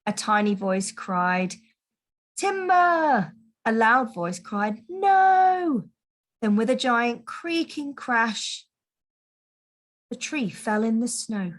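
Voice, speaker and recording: A woman teacher reading a Christmas picture book aloud to children, in a gentle, expressive storytelling manner. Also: a little high, takes it slowly. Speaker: primary school teacher.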